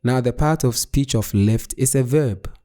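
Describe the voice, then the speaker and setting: A man from West Africa narrating a scripted grammar lesson in a slow, measured, deliberate way. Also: mid-range voice, warm tone. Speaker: English teacher.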